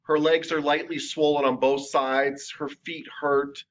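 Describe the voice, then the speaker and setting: Man, massage instructor, animated classroom lecture, lo-fi recording. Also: a little high, measured pace. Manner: chatty, animated, jokey.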